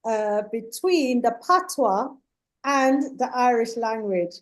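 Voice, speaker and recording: Woman, talk show host, earnest, measured emphasis, affectionate with guests, slightly high voice. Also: lively intonation. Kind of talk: live-show discussion, reading audience comments.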